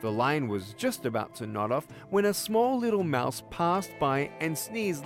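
A man telling a fable and its moral on a daily radio devotional, as a lively, expressive storyteller. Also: on the high side, measured pace, few pauses, faint music behind. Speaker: ministry speaker.

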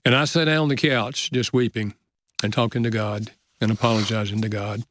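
An older man, a guest author, telling a personal story in an earnest, gentle way with frequent soft chuckles. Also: fairly low pitch, fairly even intonation, fairly quick, a little hiss or hum. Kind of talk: reflective storytelling interview.

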